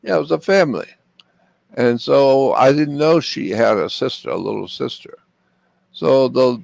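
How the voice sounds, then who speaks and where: Older man from Florida, gravel in the voice, dry close sound, earnest storyteller. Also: mid-range voice, lively intonation, unhurried, no room sound. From Florida, USA. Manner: earnest, repeats phrases for emphasis. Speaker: interview guest. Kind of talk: personal storytelling.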